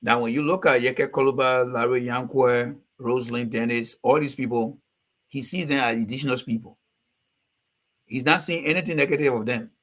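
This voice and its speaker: A man's voice: medium pitch, fairly even intonation, normal speed, a bit bright. A male host with a mid-range voice breaks down a speech for his audience. He talks straight to his listeners in a plain, explanatory way. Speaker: host and political commentator. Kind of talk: commentary on a played speech.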